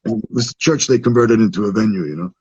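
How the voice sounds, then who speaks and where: A man's voice: lowish voice, fast talker, a little mellow, breathy edge, no echo, dull audio. A man with an Irish accent telling a profane, laid-back story as a guest in a casual chat.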